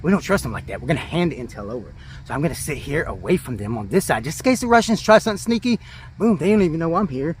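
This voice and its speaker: A man's voice: expressive, fast, a little hiss or hum. Profane man rambling in the woods. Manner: swears constantly, rambling and joking; often drops to a low whisper. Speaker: airsoft player narrating his mission. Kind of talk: casual profane game narration. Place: outdoors in woods.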